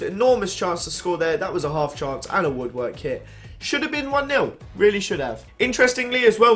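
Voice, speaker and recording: A man's voice: high-pitched, fairly bright tone. A young man casually commentating on a football management game he is playing, chatty and a bit tired. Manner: chatty, reacting to match events. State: yawning, tired. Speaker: gaming YouTuber.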